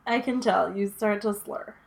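A woman's voice: medium pitch, moderate pace, gravelly. A woman co-hosting a casual podcast chat, rambling and swearing, a bit tipsy from drinking. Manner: laughs often, swears, rambling with many likes. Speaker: podcast co-host. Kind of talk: casual chat about a horror movie.

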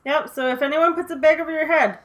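Young woman, kinda high voice, chatting horror movies, swears a lot, lots of likes. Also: fast. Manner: animated, swears freely, lots of fillers. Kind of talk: casual chat about horror films.

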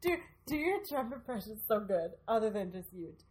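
A woman's voice: mid-range voice, expressive, fairly quick, a little mellow. A woman in casual podcast chat, teasing and swearing freely. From Canada.

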